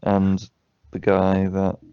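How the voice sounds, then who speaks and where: A man's voice: low-pitched, monotone, slow, clean tone, no echo. A man co-hosting a casual podcast over a video call, swearing and laughing often as he chats. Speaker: podcast co-host. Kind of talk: casual chat. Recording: dull lo-fi call audio.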